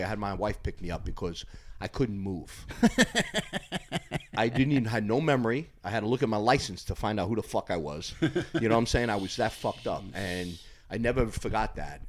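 A man in his fifties, a former bodybuilder and podcast guest, telling loud, profane, animated gym stories. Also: fairly low pitch, fairly quick. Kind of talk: casual storytelling chat.

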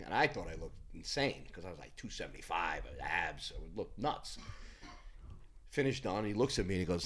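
A man in his fifties, a former bodybuilder and podcast guest, telling loud, profane, animated gym stories. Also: sits low. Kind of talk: casual storytelling chat.

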